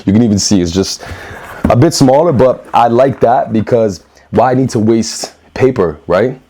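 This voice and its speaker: A man's voice: medium pitch, normal speed, mellow. A man giving a casual sneaker unboxing review indoors, upbeat and chatty, often repeating words and calling his viewers guys. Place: indoor room with newly painted walls.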